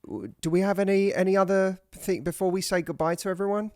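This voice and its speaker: A man hosting a podcast in a playful, teasing, animated way. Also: high-pitched, quick pace, dry recording, studio quality. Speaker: podcast host. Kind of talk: casual chat.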